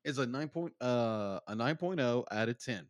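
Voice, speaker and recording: A man's voice: medium pitch, lively intonation, normal speed, dry recording, studio quality. A man co-hosting a casual podcast review, mostly giving short replies and reading out ratings. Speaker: podcast co-host.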